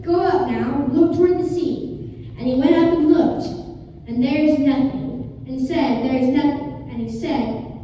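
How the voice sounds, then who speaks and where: A woman preaches an earnest sermon, retelling a scripture story and acting out its voices. Her voice sits high but sounds mellow and warm. She is picked up from a distance in a large, echoing hall with a long reverb and faint room noise behind. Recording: echoey hall from far off.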